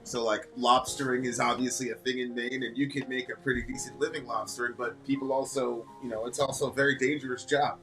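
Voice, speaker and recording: A man's voice: medium pitch, flat delivery, a little fast, few pauses, sharp tone, faint music behind. A man co-hosting a reaction video, chatting casually and rambling with lots of fillers. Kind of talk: casual chat, reading lyrics aloud.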